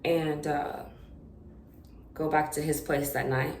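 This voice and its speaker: Young woman vlogging, low voice, lots of ums and restarts, kinda echoey room. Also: flat delivery, darkish tone, a little hiss or hum. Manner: halting, many fillers and restarts. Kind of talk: unscripted personal story.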